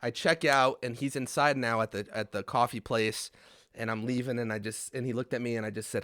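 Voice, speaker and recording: A man's voice: medium pitch, fairly even intonation, a little fast, a bit bright, no echo, studio quality. A young man co-hosting a podcast, telling a story in a casual, swearing, laugh-filled way. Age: young adult. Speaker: podcast co-host. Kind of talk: casual chat.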